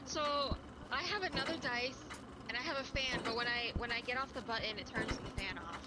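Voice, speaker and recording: A woman's voice: on the high side, a little fast, very noisy. A young woman streaming a co-op game, giving directions with frequent giggles and swearing. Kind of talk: casual co-op gameplay chat. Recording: game music behind voice.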